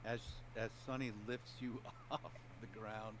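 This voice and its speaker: Calm game-master narrator, male, noisy recording. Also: mid-range voice, a little slow.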